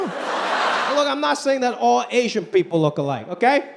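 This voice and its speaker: A man performing a stand-up comedy routine on stage, animated and putting on voices for the people in his stories. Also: very high voice, normal speed, creaky, background noise. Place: stage before a laughing audience. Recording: live show with crowd laughter.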